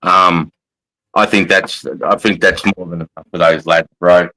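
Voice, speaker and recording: A man's voice: low voice, little pitch movement, unhurried, sharp tone, poor audio. A middle-aged Australian man, an army veteran, hosting a casual livestream, blunt and swearing freely as he chats and reads out comments. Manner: blunt, heavy swearing, matey.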